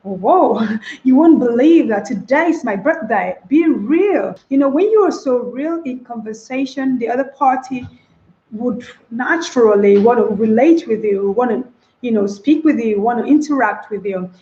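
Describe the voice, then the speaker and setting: A woman's voice: on the high side, animated, normal speed, dark tone. A woman teaching an online spoken English lesson, demonstrating phrases by repeating them with different stress. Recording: roomy, dull lo-fi sound.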